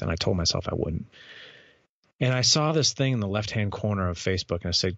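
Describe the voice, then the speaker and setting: A man in his thirties tells a candid personal story with a low, gravelly voice. He talks earnestly and often restarts and repeats words. The sound is dry, dull and lo-fi. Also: fast, a bit bright, dry recording. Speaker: podcast host and guest speaker.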